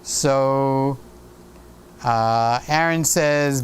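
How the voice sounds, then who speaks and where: Chatty live stream host, smooth voice. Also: male voice, on the high side, lively intonation, takes it slowly. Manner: chatty, reads viewer comments aloud, tells jokes. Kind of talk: casual live stream chat.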